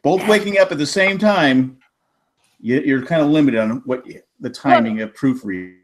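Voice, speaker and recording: A man's voice: mid-range voice, moderate pace. A man in his thirties hosting a podcast over a video call, telling rambling, self-mocking stories in casual chat. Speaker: podcast host.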